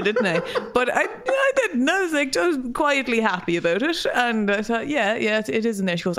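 A woman's voice: a little high, fast, hardly any pauses. Laughing woman telling a story. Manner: animated, laughing storyteller who swears freely. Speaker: podcast co-host. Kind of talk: casual storytelling chat.

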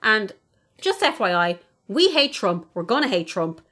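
A woman's voice: mid-range voice, sing-song, a little slow, a bit bright. A young woman co-hosting a podcast in casual chat, blunt and sweary, laughing easily. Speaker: podcast co-host.

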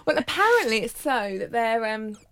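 A woman's voice: on the high side, very animated, moderate pace, a bit bright. A woman co-hosting a podcast, leading the topics in a gossipy casual chat. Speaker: podcast co-host.

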